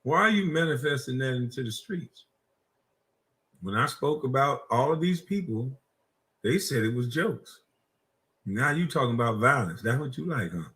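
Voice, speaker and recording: Bright, mocking South Carolina man. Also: mid-range voice, expressive, normal speed, pauses often. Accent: Gullah Geechee, South Carolina. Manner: mocking, combative, laughs at his own insults. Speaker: streamer host. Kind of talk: heated reaction stream.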